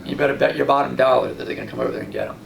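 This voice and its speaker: A man hosting a fishing show, giving casual tips and telling lively stories in which he acts out his own reactions. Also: mid-range voice, racing, gravelly. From Long Island, New York. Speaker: fishing guide and show host. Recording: roomy, distant mic with light background noise.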